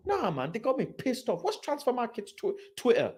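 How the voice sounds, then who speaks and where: A man hosts a football channel, ranting in a casual live stream. He swears, reads things aloud off a screen and keeps breaking into loud mock outrage. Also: extremely high pitch, moderate pace, hardly any pauses, breathy edge. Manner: animated, exasperated, swearing, shouting in mock outrage.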